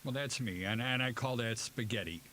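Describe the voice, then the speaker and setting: A man's voice: medium pitch, brisk, bright, forceful tone, slight background noise, rough recording. A man co-hosting a casual radio show, teasing the others and speaking emphatically about his business.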